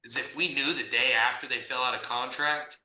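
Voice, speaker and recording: A blunt, slangy man hosts a casual chat, telling deal stories with animation. His voice is strikingly bright and forceful, and it rings in an echoey room. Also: mid-range voice, steady tone, brisk. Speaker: podcast host, real estate investor.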